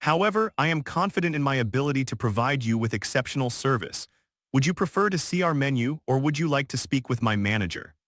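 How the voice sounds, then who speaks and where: A man voicing a calm, courteous young waitress in a narrated story, speaking patiently. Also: mid-range voice, quick pace, dry recording, studio quality, lightly acted. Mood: polite, composed. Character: poised polite young woman waitress.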